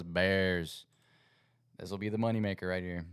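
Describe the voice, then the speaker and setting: A man's voice: deep voice, fairly even intonation, normal speed, long pauses, clean tone, dry recording, clean studio sound. A young man, rambling casually as the host of his own sports livestream. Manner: rambling, self-correcting, chatty. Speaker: podcast host. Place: home setup at a computer.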